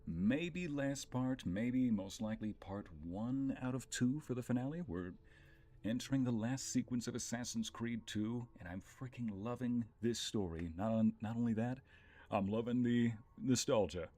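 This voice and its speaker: A man's voice: medium pitch, normal speed, dark tone. A young adult man casually commenting on a game he is playing, chatting with viewers and thinking aloud. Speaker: streamer. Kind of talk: casual let's-play commentary.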